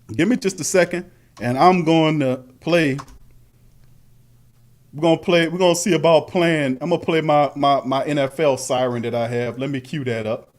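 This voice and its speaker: A man hosting a live-stream sports show, ranting in a fiery, slangy way with chant-like repeated refrains. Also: on the high side. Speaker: sports talk show host.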